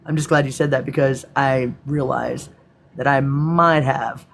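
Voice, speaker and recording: Here the Texan streamer's voice is medium-pitched, gravelly, and fairly bright, with a steady tone and measured pace. He reads scripted material and interrupts himself to reply to viewers in a casual, cursing way.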